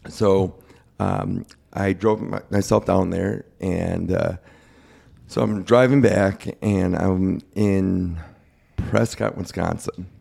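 A young man talks plainly and candidly in a casual interview. His voice sits very low, with a heavy gravelly fry and a dark, husky edge. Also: steady tone, slow pace. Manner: candid, plain-spoken, quotes others in his retelling. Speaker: guest sharing his cancer story.

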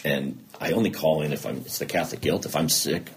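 With a very deep voice and a brisk pace, the middle-aged anchor speaks against slight background noise. Appearing as an interview guest, he shares candid personal tales in an animated manner, taking on both roles in the dialogue he recalls.

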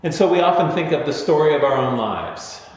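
A man's voice: a little high, animated, brisk. A man, the pastor, giving an informal sermon in a storytelling, self-deprecating way. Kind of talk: conversational sermon. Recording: echoey hall, dull lo-fi sound.

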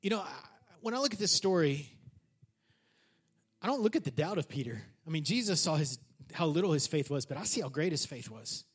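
Animated male preacher, high lively voice. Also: brisk, breathy edge. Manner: animated, conversational preaching with asides to the congregation. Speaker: pastor. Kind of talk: sermon.

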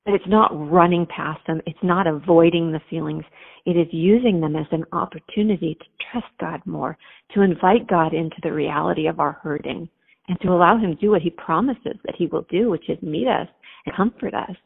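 Earnest woman guest, gravelly mid-pitched voice, tinny phone-like sound, heartfelt storytelling. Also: a little fast, big-room sound. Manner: earnest, faith-focused, chatty with fillers. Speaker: podcast guest.

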